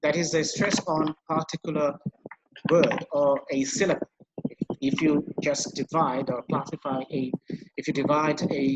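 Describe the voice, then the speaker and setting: A man with a Bangladeshi accent gives an online university lecture in English and Bengali, patiently repeating his points and constantly asking the class questions. His voice is on the high side, and the recording is very noisy.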